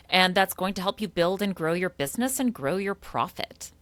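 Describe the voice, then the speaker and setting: A woman who consults on jewelry pricing, giving emphatic, lively business advice to camera and repeating words for stress. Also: lowish voice, no room sound. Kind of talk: talking-head business advice.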